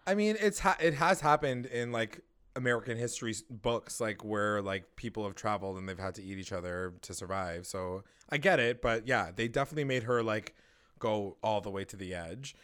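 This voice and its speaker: A man's voice: lowish voice, a little fast, fairly bright tone, clear, resonant tone. A man co-hosting a casual TV recap chat, swearing freely and acting out characters' lines. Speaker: podcast co-host.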